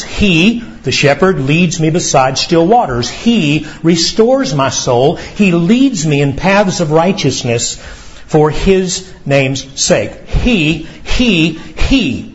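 A male pastor preaching slowly and deliberately, his voice sitting a little high. His earnest delivery lifts on questions. The recording is dull and lo-fi. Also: slight background noise. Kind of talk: sermon.

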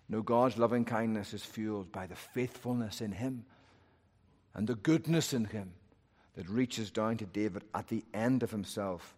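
Preacher man in an echoing hall. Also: normal speed. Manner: swings from loud urgent peaks to hushed low phrases. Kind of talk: sermon. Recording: long hall reverb.

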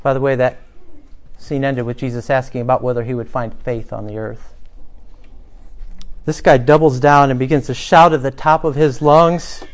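A male pastor preaching a sermon who acts out the beggar's cries dramatically and drops to a soft hush when he reflects. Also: mid-range voice, steady tone, normal speed, long pauses.

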